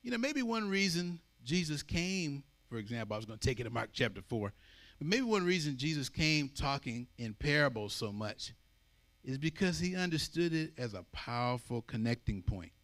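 A man preaching a sermon in a conversational, animated way, acting out voices as he goes. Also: medium pitch, normal speed. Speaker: pastor.

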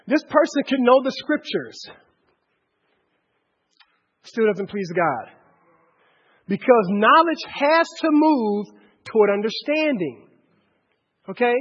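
A man preaching with a strikingly high, husky voice, pressing his listeners with urgent questions before dropping to a hush. His sermon rings out through a large hall with a long echo. The recording sounds dull and muffled. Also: very animated, slow, pauses often. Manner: impassioned, swinging from loud urgent questions to hushed lows. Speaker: pastor.

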